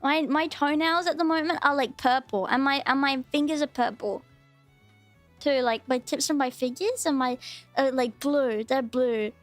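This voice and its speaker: A woman's voice: sits high, moderate pace, faint music behind. A woman with an Australian accent, chatting casually and rambling on a live stream as a VTuber host. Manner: chatty, rambling, repeats herself.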